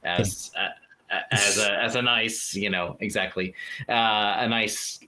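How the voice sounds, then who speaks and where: A man's voice: lowish voice, steady tone, takes it slowly, sharp tone. A man co-hosting a podcast in casual chat, rambling loosely and laughing often. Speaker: podcast co-host.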